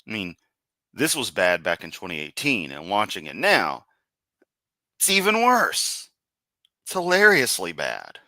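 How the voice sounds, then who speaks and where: A man's voice: low voice, wildly swooping pitch, normal speed, pushed and bright, no echo. A man reacting to a debate clip on a live stream, swearing and mocking as he talks. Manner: profane, mocking. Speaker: stream commentator. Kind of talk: reaction commentary.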